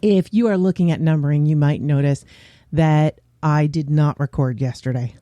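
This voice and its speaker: A man hosting his own podcast, talking openly in a casual, unscripted way with pauses and fillers. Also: a little high, dark tone, no echo. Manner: candid and open, with frequent pauses and fillers. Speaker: podcast host. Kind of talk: casual solo podcast chat.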